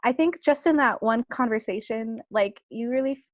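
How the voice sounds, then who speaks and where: A woman co-hosting a casual film review chat, rambling and leaning on filler words as she recalls scenes. Her voice is a touch high. The audio is dry and muffled, like a lo-fi call. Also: normal speed, no room sound. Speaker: podcast co-host.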